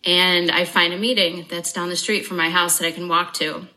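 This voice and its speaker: A woman's voice: on the low side, rough recording. A woman guest giving a candid personal account in an interview, frank and blunt, swearing freely, with wry humor. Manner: brisk, animated retelling with wry humor.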